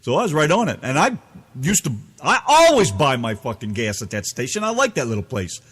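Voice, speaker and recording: A man's voice: medium pitch, sing-song, fairly quick, fairly bright tone, slightly rough. A man from the United States telling an angry, profane story as a podcast co-host. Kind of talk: ranting storytelling.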